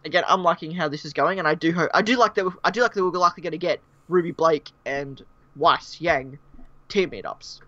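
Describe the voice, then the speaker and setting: A man's voice: a little high, brisk, sharp tone, dry recording. A man with an Australian accent hosting a casual fan discussion live stream, rambling and speculative with frequent restarts. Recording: dull, dry lo-fi mic.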